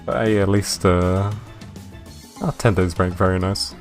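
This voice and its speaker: A man with a very low voice reads game narration aloud in a dry, deadpan manner while chatting to his live viewers. Soft music plays faintly in the background. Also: unhurried. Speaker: streamer.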